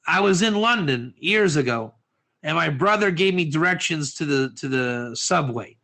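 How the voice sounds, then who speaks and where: A man teaching a lively class, acting out little scenes and asking his listeners questions. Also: a little high, moderate pace. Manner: animated, acts out quotes, asks audience questions. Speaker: Torah teacher.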